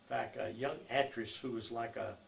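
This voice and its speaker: Older male narrator, rough gravelly voice, easygoing anecdote-teller, roomy recording. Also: mid-range voice, moderate pace. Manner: rambling folksy storytelling with many fillers. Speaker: oral history narrator. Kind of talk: recorded life-story reminiscence. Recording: echoey room with faint noise.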